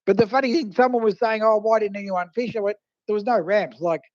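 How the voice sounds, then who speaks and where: High-voiced Australian man on the phone. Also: quick pace, no room sound. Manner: animated anecdotes, acting out quoted voices. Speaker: guest fishing writer and photographer. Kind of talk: casual storytelling over the phone. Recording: muffled phone line.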